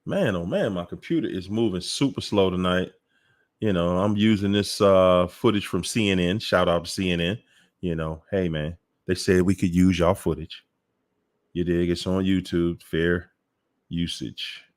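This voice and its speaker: A man hosting a casual call-in livestream, chatty and exclaiming as he sets up clips. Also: low-pitched. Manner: slow, chatty, exclaims and laughs often. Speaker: host.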